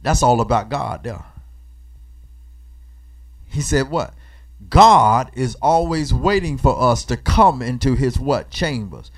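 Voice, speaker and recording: A man preaching a call-and-response sermon, asking the congregation questions and pausing for their answers, swinging between loud emphatic bursts and quiet asides in a colloquial church cadence. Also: mid-range voice, expressive.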